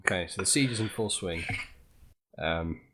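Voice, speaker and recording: A man's voice: sits low, normal speed, over a noisy crowd. A man narrating as game master of a tabletop game over voice chat, hesitant with lots of ums.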